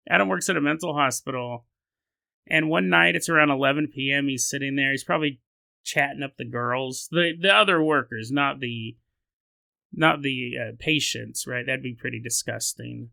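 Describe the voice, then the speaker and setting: A male podcast host telling a story in an animated, joking way, laughing often and acting out voices. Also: a little high, moderate pace, creaky, no room sound. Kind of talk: comedic storytelling.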